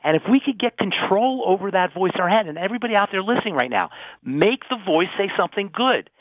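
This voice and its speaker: A man's voice: sits high, animated, fast talker, no room sound. A man who works as a pharmacist, explaining health topics earnestly on a radio call-in show, often restarting phrases. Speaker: pharmacist guest. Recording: tinny phone-line radio audio.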